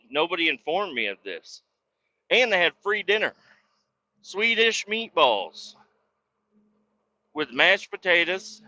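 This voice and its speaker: Brief: male podcast host, sharp, piercing voice a bit high, swears constantly, rambling, blunt, dull lo-fi recording. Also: dry recording. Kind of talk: casual storytelling.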